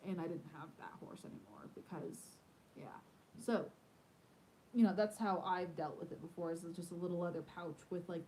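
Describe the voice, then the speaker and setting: Mellow-voiced woman chatting casually on a live stream. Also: fairly low pitch, slight background noise, rough recording. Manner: rambling and chatty, many fillers. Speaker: homesteader hosting a live stream. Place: at home in the evening.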